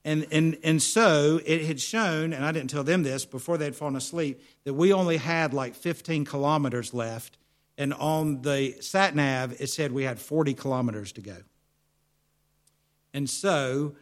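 A man's voice: fairly high pitch, measured pace. American guy preaching, asks questions then answers them, tells stories. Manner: storytelling, asks and answers his own questions. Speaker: pastor. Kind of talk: sermon.

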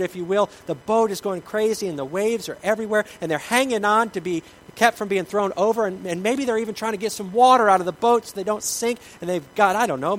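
A man preaching a sermon, telling the story dramatically and moving between loud passages and hushed ones. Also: high-pitched, rough recording. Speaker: pastor.

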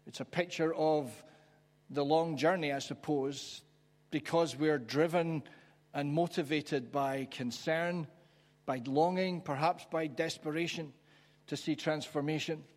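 A man preaching a sermon, reflective and conversational, pausing for emphasis. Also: on the high side, fairly even intonation. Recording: church hall with long reverb.

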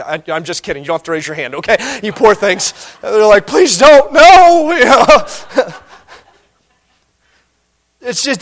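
A middle-aged man preaching a sermon as pastor, conversational and animated, laughing often. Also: high-pitched.

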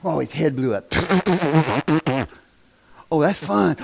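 A man, preaching a fiery revival sermon in a church, swinging from shouts down to a near-whisper. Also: a little high, lively intonation, slow, vocal fry, breathy edge. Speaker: pastor.

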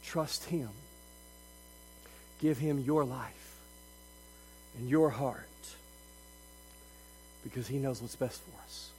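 A man preaching a sermon as pastor, moving between loud, emphatic passages and quiet, intimate asides. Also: medium pitch, takes it slowly, pauses often, big-room sound, low-quality recording. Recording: faint mains hum.

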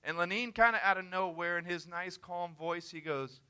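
A man's voice: sits high, normal speed, sharp tone, smooth. A man preaching a missions sermon, telling a story in an earnest, emphatic, conversational way.

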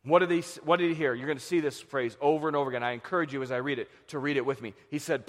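A male pastor preaching a sermon, swinging from loud shouts to hushed low phrases. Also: quick pace, few pauses, long reverb tail.

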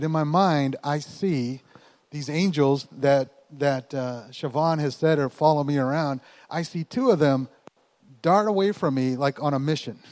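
A man in his forties, a pastor, telling a personal story in a sermon, animated and folksy, with chuckling asides. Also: on the high side, big-room sound.

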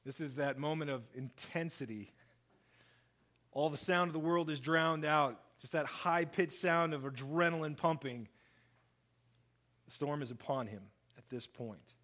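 A man preaching with a slightly raised pitch, reading scripture and commenting on it. He talks in an animated way, dropping low and soft for solemn lines and jumping up when he acts out what people said. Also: unhurried. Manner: animated, acts out quoted speech, lively shifts in pitch and volume. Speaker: pastor. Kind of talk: sermon, Bible reading and commentary.

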